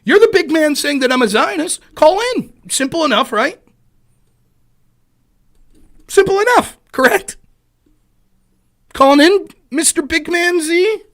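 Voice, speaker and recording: A man hosting a live stream, delivering a profane, sarcastic rant and taunting a listener, at times breaking into shouts. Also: very high-pitched, lively intonation, normal speed.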